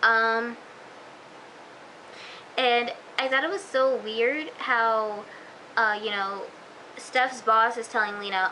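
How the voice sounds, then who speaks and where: A woman's voice: on the high side, unhurried, bright, forceful tone, slight background noise, poor audio. A woman recapping a TV episode in a chatty, gushing vlog style, full of fillers. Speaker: TV episode reviewer.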